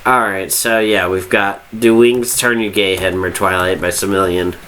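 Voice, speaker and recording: A man's voice: low voice, little pitch movement, moderate pace, a bit bright, a little hiss or hum. A drunk man hosting a casual, rambling review monologue, swearing freely and losing his train of thought. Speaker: fanfiction review host.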